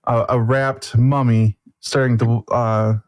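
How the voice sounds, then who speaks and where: A man's voice: mid-range voice, level tone, takes it slowly. A man running a tabletop game as game master, narrating loosely with plenty of fillers. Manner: loose, rambling, with many fillers.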